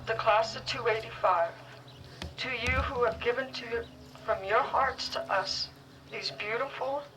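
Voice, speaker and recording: A woman giving a heartfelt speech as a guide dog school graduate, earnest and speaking in short, halting phrases. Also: on the high side. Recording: distant, faintly noisy ceremony recording.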